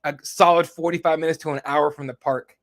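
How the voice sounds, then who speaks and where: A man in his thirties rambles through a family story on a podcast, swearing freely as he goes. His voice sits a bit higher than most men's. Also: steady tone, a little fast, fairly bright tone. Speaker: podcast co-host. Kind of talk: casual chat.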